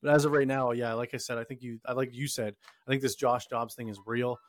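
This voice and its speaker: A man co-hosting a casual sports betting chat, brisk and leading, setting up each matchup in turn. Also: mid-range voice, steady tone. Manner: brisk, leads the talk, sets up each matchup. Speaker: co-host.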